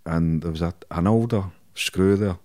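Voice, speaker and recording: Speaking in a low, dark-toned voice at a moderate pace, a middle-aged Scotsman guests on an interview and shares anecdotes. He's blunt, swears a great deal, and chuckles as he goes, with the recording sounding dry.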